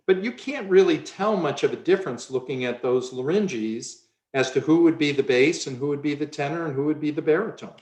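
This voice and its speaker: A man's voice: fairly high pitch, fairly quick, a little mellow, echoey room. A man giving a conference lecture on the voice, now and then changing his own voice to show a point.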